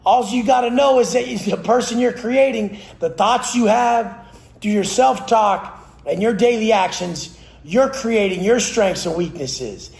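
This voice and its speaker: A man who trains people for a living speaks in an extremely high voice with vocal fry and a slightly mellow quality. He preaches aggressively in a blunt, profanity-heavy motivational rant, and the recording carries a roomy echo.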